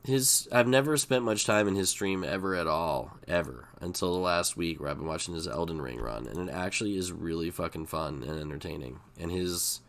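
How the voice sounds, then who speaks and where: A man's voice: low voice, a little fast, hardly any pauses, a bit bright. A middle-aged man chatting casually and profanely while streaming poker, rambling and getting worked up. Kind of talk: casual live-stream chat.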